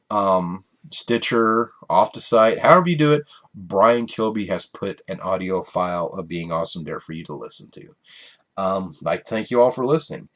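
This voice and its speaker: A man's voice: deep voice, a bit bright. A man hosting a casual solo podcast, rambling and chuckling through his stories with many fillers. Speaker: podcast host.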